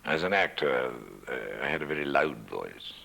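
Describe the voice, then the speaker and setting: Looking back on his broadcasting days as a former radio newsreader, a very deep-voiced, gravelly older man tells his stories at home in a measured, dry, self-mocking manner. Born in Scotland and raised in England, he has a sing-song delivery with lots of pitch movement and a sharp tone. The recording is rough, with a faint hum underneath.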